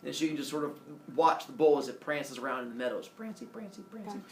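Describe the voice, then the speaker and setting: A man casually retelling a myth with playful, animated delivery and silly character voices. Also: mid-range voice, fast. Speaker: storyteller. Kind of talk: casual oral storytelling. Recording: echoey room, mic from far off, faint noise.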